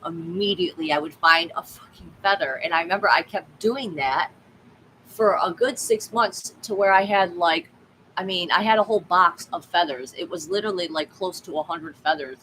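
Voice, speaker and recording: A woman's voice: on the low side, fairly bright tone, slight background noise, poor audio. A woman tarot reader chatting casually on a live stream, swearing freely and reacting to the chat.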